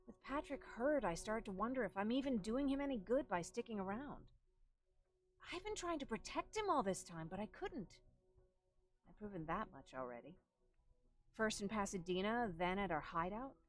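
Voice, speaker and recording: An actress voicing a tired, self-doubting female survivor in video game dialogue, speaking softly with music underneath. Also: medium pitch, lively intonation, moderate pace, lightly acted. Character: weary female resistance survivor in her thirties.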